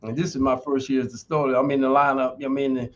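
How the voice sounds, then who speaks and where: A man's voice: medium pitch, little pitch movement, fast talker. Emphatic man in his sixties, dull audio. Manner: emphatic, motivational, folksy. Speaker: guest, retired football player and university lecturer. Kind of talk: podcast interview storytelling.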